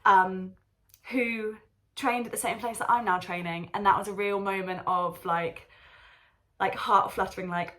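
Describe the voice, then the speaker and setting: A woman's voice: mid-range voice, steady tone, measured pace, sharp tone. A young woman, a drama student, chatting casually in a vlog and gushing emotionally, with lots of "like" and "um". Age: young adult.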